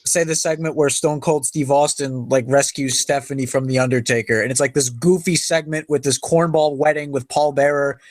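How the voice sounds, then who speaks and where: A man's voice: medium pitch, fairly even intonation, moderate pace, few pauses, dry recording. A man co-hosting a live chat, mocking and dismissive of fans. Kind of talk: profane ranting chat.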